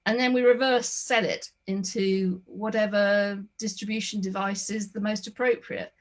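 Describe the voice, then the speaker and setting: Hesitant woman interviewer, mid-pitched voice. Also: steady tone, normal speed. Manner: hesitant, many restarts and fillers. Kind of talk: conversational interview.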